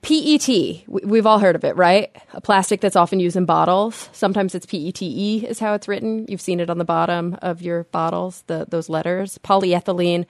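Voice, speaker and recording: Chatty young woman with a gravelly low voice. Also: steady tone, fairly quick, few pauses, dry recording, studio quality. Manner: chatty, explanatory, upbeat. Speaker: podcast co-host. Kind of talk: casual science podcast chat. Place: home, remote call.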